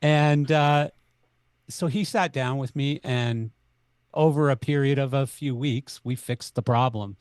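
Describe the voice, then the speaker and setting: Middle-aged Canadian man, animated podcast storyteller, dry close mic. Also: medium pitch, a little slow, clear, resonant tone, dry recording. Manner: animated, acts out both sides of dialogue. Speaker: podcast guest. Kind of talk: conversational storytelling.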